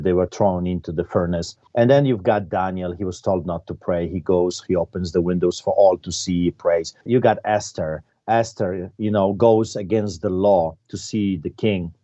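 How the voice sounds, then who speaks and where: Impassioned pastor with a deep dull voice. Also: male voice, mellow. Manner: impassioned, emphatic, repeats phrases for force. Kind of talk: fiery preaching in an interview.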